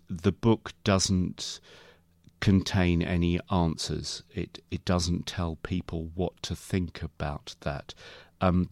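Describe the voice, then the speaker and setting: A middle-aged man, an author and radio guest, talking about his book in a thoughtful, articulate and measured way. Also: sits low, a little mellow, no echo.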